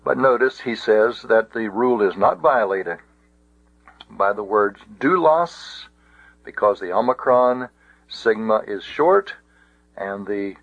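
Speaking slowly at a fairly low pitch, a man explains Greek grammar rules, carefully spelling out every example in a methodical way. The recording is dry and sounds thin, as if over a phone.

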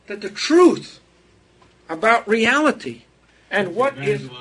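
A man's voice: sits high, sing-song, slow pace, fairly bright tone, slightly rough. A man giving an unscripted theology lecture, rambling and digressive, chuckling at his own asides.

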